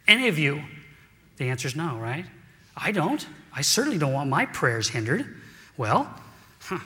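Conversational preacher in a reverberant hall. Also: male voice, on the high side, a bit bright. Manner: conversational, addresses men directly. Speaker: pastor. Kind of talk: sermon.

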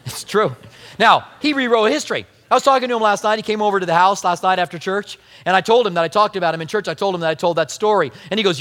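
A middle-aged male pastor preaching a sermon, telling family stories in a conversational, animated way. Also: high-pitched, fast, long reverb tail.

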